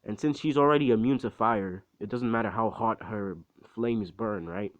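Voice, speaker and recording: A man's voice: medium pitch, expressive, moderate pace, vocal fry, muffled recording. A man casually retelling his own fan story in a loose, rambling way, full of slang and swearing. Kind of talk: casual spoken story recap.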